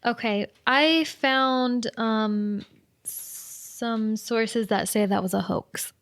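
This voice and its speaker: Casting: female co-host, higher voice, matter-of-fact, casual. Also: fairly even intonation, drawn-out words. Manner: matter-of-fact, reports findings. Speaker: podcast co-host. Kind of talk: casual chat.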